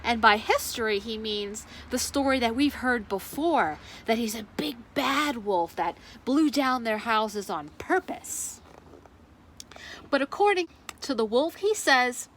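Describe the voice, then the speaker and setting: This woman, a librarian, animatedly reads a picture book during story time and asks the children questions. She talks unhurriedly, in a voice that sits a little high.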